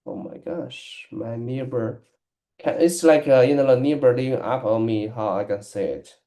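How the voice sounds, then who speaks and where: A man practicing English in casual conversation, speaking haltingly with many restarts and fillers. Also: medium pitch, dark tone. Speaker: English learner.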